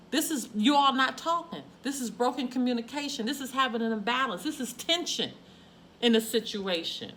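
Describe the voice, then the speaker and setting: Bright-voiced woman giving an emphatic tarot reading. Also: on the high side, expressive, normal speed, slight background noise. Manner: emphatic, repeats phrases, frequent exclamations. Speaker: tarot reader. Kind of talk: spoken tarot card reading.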